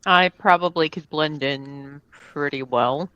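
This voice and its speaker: A woman's voice: low voice, takes it slowly, pushed and bright, clear, resonant tone, dull audio. A woman playing her character in a tabletop game, curious and full of questions. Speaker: player.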